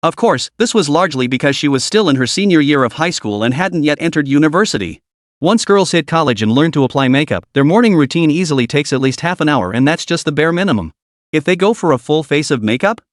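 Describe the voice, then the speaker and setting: Animated male web novel narrator. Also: on the high side, quick pace, no echo, clean studio sound.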